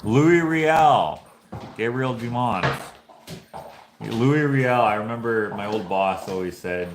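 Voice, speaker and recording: A man with a fairly low voice talks in a loose, casual vlog manner and often restarts his sentences as he thinks aloud. The sound is roomy and echoey. Faint background noise sits under his voice. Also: unhurried. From Canada. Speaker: painter and channel host. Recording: echoey room.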